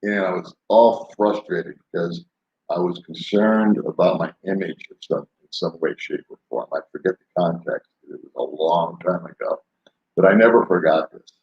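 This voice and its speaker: An older man with a fairly low voice chats loosely with his live-stream viewers. He rambles, laughs often and sounds unhurried. The sound is roomy and a little dull, like a lo-fi home setup. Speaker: vlogger answering live chat. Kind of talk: casual live-stream chat.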